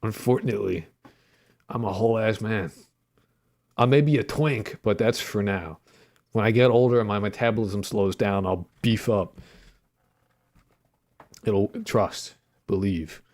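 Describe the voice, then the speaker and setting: A young man with a slightly low voice, riffing with his stream chat as he codes. He rambles through filler words, jokes around and swears casually in a loose, playful way. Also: unhurried, long pauses, darkish tone. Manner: playful, jokey banter with chat. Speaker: streamer and indie game developer. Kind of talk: casual livestream chat while coding.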